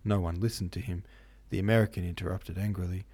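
A man reading a novel aloud as host, in steady, measured narration. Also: low voice, slightly rough. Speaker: host and audiobook reader. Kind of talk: scripted narration.

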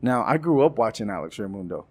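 Low-voiced man telling comedy-career stories. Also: fast talker. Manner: lively storyteller who acts out quoted dialogue. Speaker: comedian and show producer, guest. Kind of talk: casual interview storytelling.

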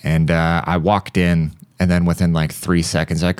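A man's voice: low voice, level tone, normal speed, few pauses, darkish tone, clean tone, no echo, studio quality. A man hosting a podcast, telling casual, profane, rambling comic stories and breaking into beat sounds now and then. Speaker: podcast host. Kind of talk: casual comedic storytelling. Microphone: studio podcast mic.

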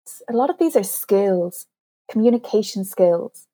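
A woman's voice: medium pitch, lively intonation, a little slow, dark tone, slightly rough. A woman author as an interview guest, explaining communication skills earnestly and laughing at herself now and then. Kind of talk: interview conversation.

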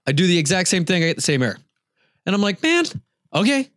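A man's voice: on the high side, racing, a bit bright, dry recording, clean studio sound. A middle-aged man co-hosting a podcast, telling a long story in casual chat and laughing often. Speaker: podcast co-host.

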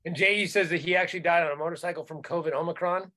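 A comedian co-host spinning a rambling anecdote on a casual podcast, chuckling as he goes. His voice sits high and sounds bright and sharp. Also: fairly even intonation, very fast. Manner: rambling anecdotes, laughing through them.

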